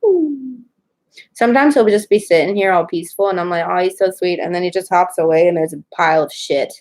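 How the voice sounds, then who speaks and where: Fast and a little mellow, her voice sits on the low side. She's a twenty-something writer hosting a livestream, chatting loosely with viewers and wandering through stories stuffed with "like."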